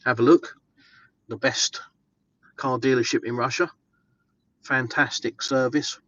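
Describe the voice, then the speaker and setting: A man's voice: mid-range voice, fairly even intonation, a little slow, bright, forceful tone, highs cut off. An English man chatting casually and upbeat with viewers while he drives, answering their questions with plenty of ums. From England. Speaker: vlogger live-streaming. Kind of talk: casual live-stream chat while driving. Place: inside a car, driving.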